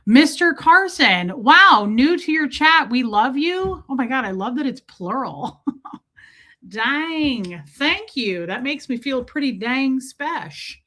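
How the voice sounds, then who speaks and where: A woman hosting a casual livestream, chatting and greeting viewers by name in quick bursts, a bit breathless in a warm small room. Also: high voice, animated. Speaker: livestream host. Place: small room with door shut.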